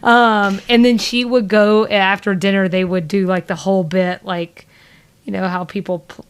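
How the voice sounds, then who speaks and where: A woman's voice: medium pitch, little pitch movement, moderate pace, clear, resonant tone. A woman with a Southern US accent co-hosting a casual podcast chat, rambling with lots of fillers and laughs. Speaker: podcast co-host.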